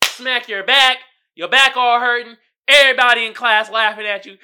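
A man's voice: very high voice, normal speed, sharp tone, smooth. A man hosting a podcast in casual comedic chat, laid-back and slangy, laughing often and calling his listeners y'all. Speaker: podcast host.

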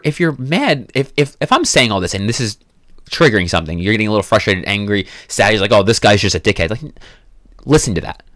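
A man's voice: medium pitch, fairly bright tone, no room sound, studio quality. Blunt, swearing man giving a pep talk. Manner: blunt, swears a lot, emphatic. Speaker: podcast host. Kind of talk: motivational monologue.

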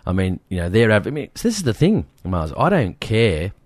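Low-voiced man, casual podcast chat. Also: brisk, no echo. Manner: animated storyteller, mimics people in high voices. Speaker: podcast co-host.

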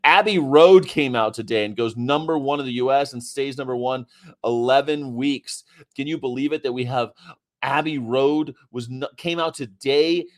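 A male host talking loosely on a livestream, swearing casually as he wanders between topics. His voice sits at an ordinary middle pitch. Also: moderate pace. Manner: rambling, profane, chatty.

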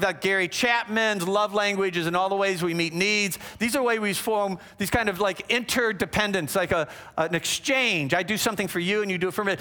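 A man giving a teaching talk on relationships, animated and conversational, with frequent asides to the audience. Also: high voice.

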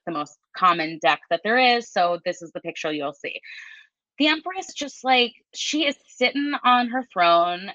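A woman's voice: medium pitch, sharp tone, dry recording. A woman working as a tarot reader who chats casually on a podcast, telling stories with animation and laughing often. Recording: dull lo-fi sound.

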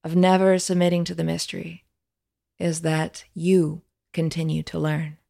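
A woman voicing a tall, calm, snake-headed male spirit who teaches in a quiet, measured way. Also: low voice, gravelly. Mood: calm, wise.

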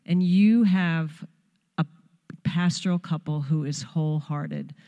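A woman's voice: low-pitched, slow pace, highs cut off. A woman in her fifties with a Long Island accent, the visiting pastor's wife, giving an earnest, emphatic church exhortation. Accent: Long Island New York. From Long Island, New York. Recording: long hall reverb.

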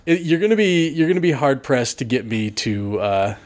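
A man's voice: medium pitch, lively intonation, moderate pace. A man in a casual conversation about old movies, talking playfully with frequent restarts and emphatic bursts.

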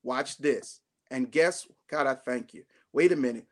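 A man preaching a sermon as bishop, swinging from loud rising shouts down to hushed slow phrases, with a Southern Black way of speaking. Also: mid-range voice. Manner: call-and-response preaching, rising to shouts then dropping to hushed tones.

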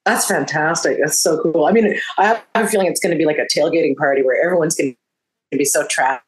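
A woman's voice: low-pitched, fast, poor audio. Laughing, profane rock woman. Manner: laughing, profane, animated storyteller. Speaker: touring rock guitarist, interview guest. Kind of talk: casual phone interview.

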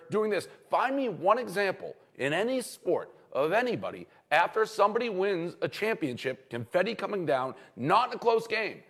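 A man arguing a sports point in an insistent, emphatic way. His voice sits high for a man and swings widely in pitch. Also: fairly bright tone. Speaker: sports podcaster. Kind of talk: argumentative sports commentary.

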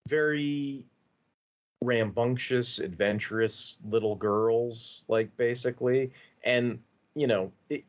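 A man co-hosting a casual podcast, rambling with many restarts and swearing freely as he talks. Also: fairly low pitch. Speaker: podcast co-host. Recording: dull lo-fi podcast audio.

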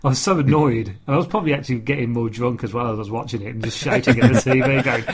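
A man with an English accent in a casual podcast chat, talking in animated bursts and laughing often as he rants. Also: mid-range voice, brisk, few pauses. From England. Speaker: podcast co-host.

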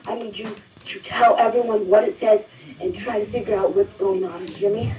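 A man's voice: high-pitched, fairly even intonation, a little fast, a little mellow, recorded from a distance, lightly acted, rough recording. A man playing a frightened young friend who is running at night, talking urgently over the phone and out of breath. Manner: breathless, urgent, whispering at times.

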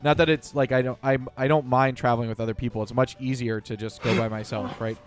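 A man hosting a podcast, chatting in a relaxed, wry way about his travels. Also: mid-range voice, quick pace, music in the background. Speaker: podcast host. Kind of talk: casual chat.

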